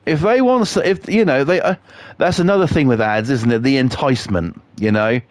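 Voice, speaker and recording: A man's voice: medium pitch, fairly quick, dry recording. A man, chatting on a live game stream in a sweary, rambling, jokey way. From England. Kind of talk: casual chat on a live stream.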